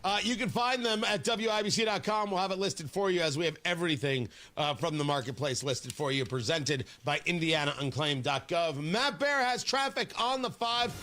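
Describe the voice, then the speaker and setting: A man with a high, bright voice hosts a morning radio show. He teases his co-host and hams up a mock sales pitch, all in quick, playful banter. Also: animated.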